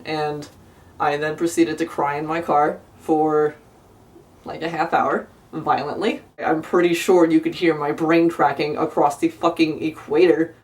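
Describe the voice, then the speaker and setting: A woman's voice: deep voice, little pitch movement, unhurried, darkish tone. A young woman from South Jersey telling a storytime in an exasperated, profane, sarcastic rant. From South Jersey, USA. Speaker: vlogger. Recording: voice a bit far from the mic.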